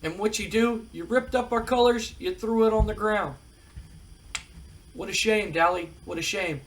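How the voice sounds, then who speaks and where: A man's voice: sits high, moderate pace, a little hiss or hum, voice pushed up. A man doing a drawling, mocking big wrestler. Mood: mock hurt. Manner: drawling, coaxing, keeps saying man. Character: laid-back big male wrestler, smooth and mocking.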